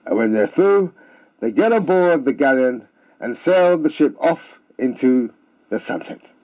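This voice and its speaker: A man's voice: medium pitch, expressive, measured pace, darkish tone. A man telling comic stories and jokes in a theatrical manner with sing-song refrains. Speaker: storyteller. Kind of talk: comic storytelling.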